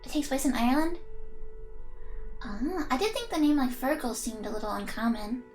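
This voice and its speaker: High-voiced playful woman streamer. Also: animated, normal speed, music in the background. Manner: playful, chatty, giggly, talks to chat. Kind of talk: live game stream, reading game text aloud.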